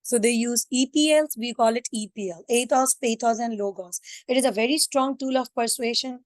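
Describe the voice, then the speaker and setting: A woman's voice: on the high side, normal speed, dry recording. A woman teacher lecturing a class, asking many questions and slipping into Hindi-Urdu phrases.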